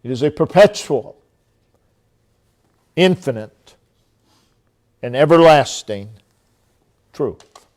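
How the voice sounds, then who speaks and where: In an animated, emphatic sermon, a pastor lets long dramatic pauses hang. Quoting God, he shifts down to a quiet, low voice.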